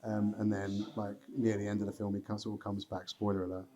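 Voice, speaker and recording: Flat, low-voiced podcast host. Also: male voice, quick pace, lo-fi sound. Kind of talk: casual podcast conversation.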